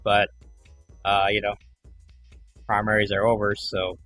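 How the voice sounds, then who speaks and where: Bright-voiced young man chatting on stream. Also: on the low side, completely flat delivery, a little slow, faint music behind. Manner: rambling, acts out callers in quoted voices. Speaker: livestream host. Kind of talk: casual chat to a stream audience.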